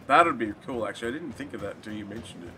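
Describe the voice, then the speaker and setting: A man chatting casually about a video game, rambling and animated, swearing now and then. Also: medium pitch, rapid-fire, a loud crowd. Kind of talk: casual gaming chat.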